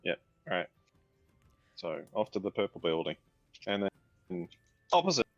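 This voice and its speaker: A man's voice: low-pitched, very animated, unhurried. A man playing a tabletop game, in laid-back, joking in-character banter. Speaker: player. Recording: dull dry lo-fi mic, faint music.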